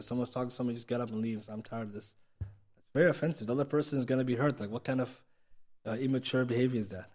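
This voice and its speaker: A man's voice: medium pitch, dark tone. A man teaching a recorded mosque class in a conversational way, often asking his listeners "right?" and acting out quoted speech.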